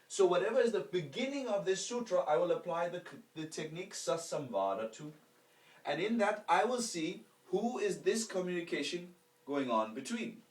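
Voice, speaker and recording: A male teacher with a somewhat high, animated voice leads a lecture and has listeners repeat his chanting. He unpacks each word slowly and keeps asking rhetorical questions. He sounds distant, in an echoey room. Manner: explains terms slowly, asks rhetorical questions. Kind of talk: spiritual lecture with call-and-response recitation.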